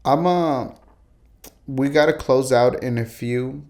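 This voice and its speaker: A man's voice: mid-range voice, takes it slowly, darkish tone. A man hosting a podcast, asking casual questions and often repeating words as he forms them. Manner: stammering, repeats words while forming questions. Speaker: podcast host. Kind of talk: casual interview.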